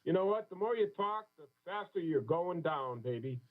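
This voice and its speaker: A male caller talks in a high voice, blunt and brash and full of slang. He comes through a tinny, humming phone line. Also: expressive, moderate pace. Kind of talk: call-in comment.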